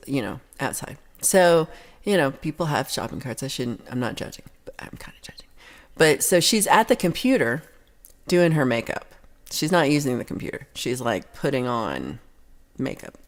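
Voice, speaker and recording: A woman hosting a livestream, telling a long story in a casual, rambling way with many restarts. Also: sits low. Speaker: livestream host.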